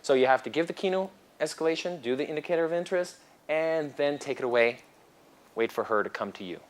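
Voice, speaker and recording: Male seminar instructor, animated lecturer, acts out scenes mid-talk. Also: a little high, fast talker. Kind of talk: lecture to a class.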